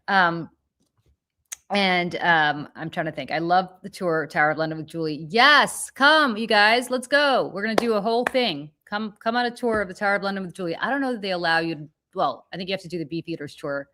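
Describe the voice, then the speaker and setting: A woman in her fifties hosting a podcast, chatting casually and animatedly over a video call, full of quick asides. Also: lowish voice, expressive, sharp tone. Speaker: podcast host. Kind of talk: casual chat.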